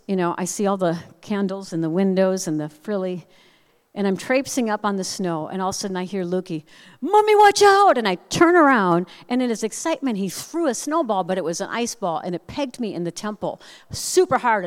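A woman speaker giving a personal storytelling message with animated, self-deprecating humor, acting out the voices of people in her story. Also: medium pitch. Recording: long reverb of a large hall.

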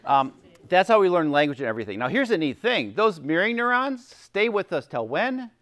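A middle-aged former chaplain gives an informal teaching talk to a group at a workshop, acting out little quotes and checking in often with "right?" His voice is high-pitched, fairly bright and very animated, moving fairly quickly with no echo.

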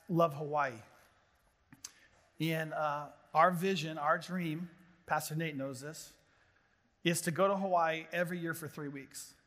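A middle-aged man preaching a sermon to a gathering of pastors, telling animated stories with jokes. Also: fairly high pitch. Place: large hall before an audience of pastors. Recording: long hall reverb.

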